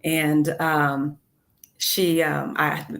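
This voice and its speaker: A woman's voice: low voice, little pitch movement, extremely slow, vocal fry, a bit bright. A middle-aged woman, an education leader interviewed as a guest, telling earnest stories with frequent ums and uhs. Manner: earnest, many fillers like um and uh. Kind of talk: interview storytelling.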